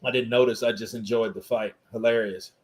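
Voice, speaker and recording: A man's voice: medium pitch, steady tone, a little fast. A man hosting a casual boxing livestream, loose and joking, who laughs often and swears freely. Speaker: live stream host.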